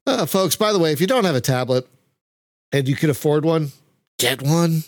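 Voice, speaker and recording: A man's voice: a little high, expressive, moderate pace, long pauses, no echo. A man hosting a casual podcast chat, gushing with frequent exclamations. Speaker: podcast host.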